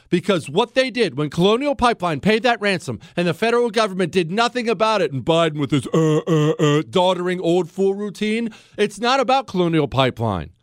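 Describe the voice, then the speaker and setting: A man's voice: a little high, a bit bright, dry recording, clean studio sound. A man hosting a radio talk show, delivering a fired-up political monologue full of rhetorical questions. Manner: heated, emphatic, rhetorical questions.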